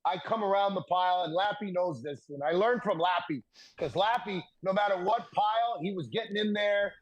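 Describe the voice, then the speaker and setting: A man in his thirties, a podcast guest telling stories in a casual, animated way and laughing through the punchlines. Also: high voice, a little fast, lo-fi sound. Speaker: podcast guest, former hockey defenseman. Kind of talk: casual storytelling.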